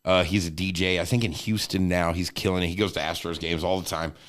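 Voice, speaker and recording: A man telling a funny family story as a podcast guest. He is animated, laughs often, and swears freely. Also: sits low, fast talker. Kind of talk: casual storytelling.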